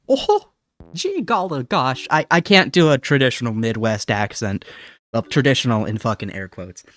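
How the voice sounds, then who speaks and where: A man's voice: medium pitch, fairly bright tone. A man in his twenties from Ohio with a subtle Ohio accent, rambling and swearing freely in casual chat as a streamer playing a game. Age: 20s. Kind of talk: casual chat while gaming.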